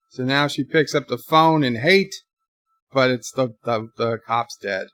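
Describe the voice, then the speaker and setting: A man's voice: fairly high pitch, a little slow, fairly bright tone, dry recording. A man giving live, off-the-cuff commentary while watching a TV episode, thinking aloud and describing what happens on screen. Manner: thinking aloud, describing scenes as they play. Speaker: channel host and commentator.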